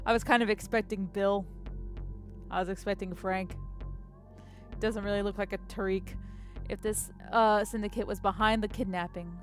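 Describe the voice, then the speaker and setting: A woman streamer reading a story game aloud live, cracking jokes and swearing between lines of narration. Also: mid-range voice.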